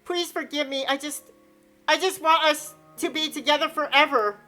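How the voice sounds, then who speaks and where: Frightened schoolgirl, a woman reading her: bright and high, panicky, pleading. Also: fairly even intonation, moderate pace, soft background music. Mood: desperate. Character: frightened, desperate teenage schoolgirl.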